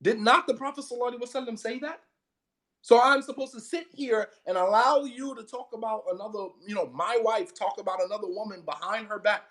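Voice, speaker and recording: A man's voice: high voice, fast, a bit bright. A man delivering a fired-up sermon. He talks bluntly and with heavy emphasis, hammering each point by repeating it. He often laughs between lines. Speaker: Islamic preacher. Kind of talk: impassioned sermon.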